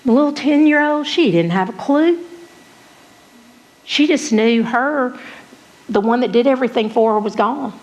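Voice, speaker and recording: A middle-aged woman speaks from the stage in a slightly higher-than-usual register. She shares her personal story bluntly and candidly, with raw emotion close to the surface. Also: normal speed, pauses often, a little mellow, lo-fi sound. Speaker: conference speaker. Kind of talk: personal testimony talk.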